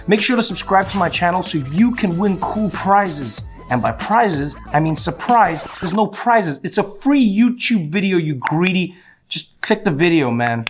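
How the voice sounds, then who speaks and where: A man's voice: high voice, expressive, measured pace, faint music behind. A man giving a casual, teasing outro to his viewers. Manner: teasing, offhand. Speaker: channel uploader.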